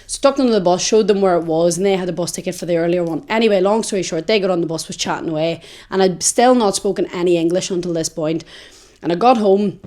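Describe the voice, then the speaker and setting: A young woman co-hosting a podcast, telling a story in casual chat, animated and swinging from hushed to loud. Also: on the low side, quick pace. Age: young adult. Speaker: podcast co-host.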